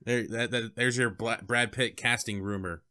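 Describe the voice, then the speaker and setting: A man with a medium-pitched voice co-hosts a relaxed, spoilery movie review. He swears freely and laughs often. He acts out lines from the film while he recaps his favorite jokes. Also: unhurried. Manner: profane, laughing, acts out quoted scenes.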